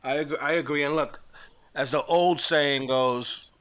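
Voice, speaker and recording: A man co-hosting a casual chat, talking in a calm, agreeable, measured way. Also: on the high side. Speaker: podcast co-host.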